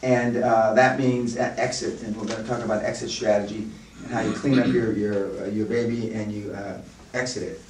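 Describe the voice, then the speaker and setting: A man's voice: fairly low pitch, steady tone, normal speed, a little mellow, slight background noise. A man in his sixties giving a live business seminar to a room of listeners, blunt and rambling as he talks. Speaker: seminar speaker. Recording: echoey room, mic from far off.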